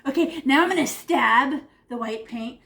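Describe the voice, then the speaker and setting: A woman with a bright, high voice runs a children's painting class over a video call from her room at home. At a normal pace, she keeps up lively, animated, encouraging chatter aimed at young kids.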